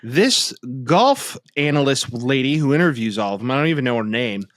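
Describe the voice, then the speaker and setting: A man's voice: medium pitch, sing-song, normal speed, a bit bright, no room sound, studio quality. A man co-hosting a sports podcast in a casual, gossipy way, often repeating and restarting his words. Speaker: podcast co-host.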